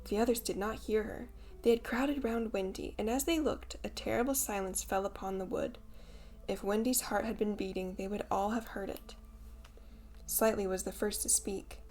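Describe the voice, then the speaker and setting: A woman narrating a classic children's storybook in a measured, expressive reading. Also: medium pitch. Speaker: audiobook narrator.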